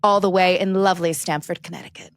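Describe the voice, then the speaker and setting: A woman's voice: on the low side, fairly even intonation, quick pace, no room sound, clean studio sound. A woman co-hosting a podcast, teasing and laughing as she brings in her guest. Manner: giggly, teasing, interviews the guest. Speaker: podcast co-host. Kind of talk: casual podcast chat.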